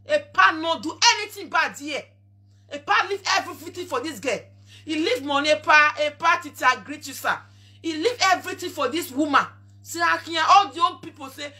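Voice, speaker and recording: A woman with a Nigerian Pidgin accent hosting a show, talking in an animated, emphatic monologue. She repeats her phrases, scolds, laughs, and breaks into sudden loud outbursts. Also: high voice, a little fast. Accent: Nigerian Pidgin English. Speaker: online show host.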